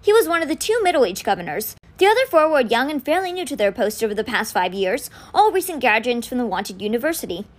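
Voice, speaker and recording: Expressive woman reading a novel aloud. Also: on the high side, fast talker, few pauses. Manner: expressive storytelling with quoted lines read in. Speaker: podcast book reader.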